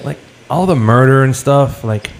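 A man's voice: mid-range voice, normal speed, vocal fry. A man co-hosting a podcast, telling what he watched in a loose, rambling way and swearing casually. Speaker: podcast co-host. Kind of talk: casual film discussion.

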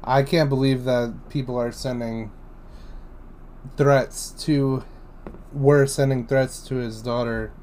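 Brief: young male co-host, unhurried, laid-back sidekick chatter, faint noise. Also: mid-range voice, steady tone, darkish tone. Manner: laid-back, chiming in with short agreeing remarks. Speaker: podcast co-host. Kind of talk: casual wrestling recap chat.

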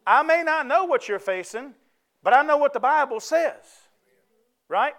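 A man's voice: very high voice, lively intonation, unhurried, fairly bright tone. A man preaching a sermon, folksy and conversational, often asking the congregation to answer back.

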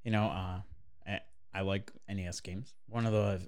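A man's voice: low voice, steady tone, moderate pace, a little mellow. A man co-hosting a podcast in casual banter, swearing constantly and ranting in mock anger. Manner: profane, mock-angry ranting. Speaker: podcast co-host.

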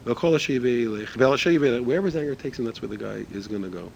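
A man's voice: mid-range voice, expressive, racing, vocal fry, a little mellow, a little hiss or hum, rough recording. A man teaching a religious ethics class in a conversational way, asking rhetorical questions and restarting his sentences often. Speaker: Torah teacher.

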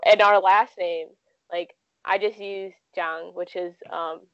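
A woman's voice: lowish voice, fairly even intonation, slow pace, no echo, highs cut off. A woman in her twenties telling stories casually in an interview, with lots of "like" and "um" fillers. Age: 20s. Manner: chatty, frequent "like" and "um" fillers. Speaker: guest.

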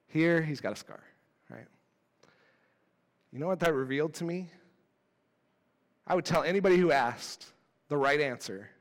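A man in his thirties preaching a casual, animated sermon with self-deprecating asides. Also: fairly high pitch, long reverb tail. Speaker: pastor. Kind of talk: conversational sermon.

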